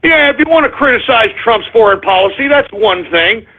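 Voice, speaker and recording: A man hosting a political talk radio show, ranting combatively and breaking into shouted bursts. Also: very high-pitched, animated, a little fast. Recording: phone-like narrow band.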